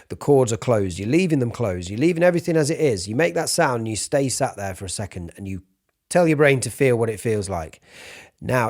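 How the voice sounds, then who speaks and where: A raspy, breathy-voiced man giving a casual singing lesson, demonstrating sounds as he explains. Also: medium pitch, darkish tone. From United Kingdom. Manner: informal, demonstrates sounds mid-sentence. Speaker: vocal coach.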